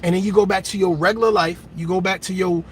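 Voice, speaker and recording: A man hosting a reaction channel, delivering a loud, emphatic and mocking rant that keeps repeating itself. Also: sits high, fairly even intonation, fast talker, background noise.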